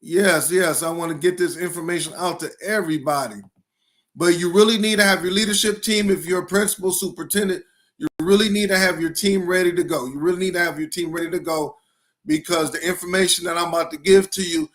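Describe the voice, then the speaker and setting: A middle-aged man who is a school principal, hosting a live-streamed educational podcast. He is energetic and hyped, repeats phrases for emphasis and greets viewers one by one by name. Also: sits high, quick pace.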